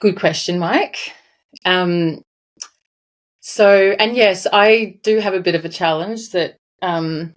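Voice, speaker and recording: A woman in her forties chatting as a podcast guest, her voice sitting a touch low for a woman. She talks with animated emphasis and laughs often as she tells her story. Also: slow. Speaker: financial advisor guest. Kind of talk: casual interview chat.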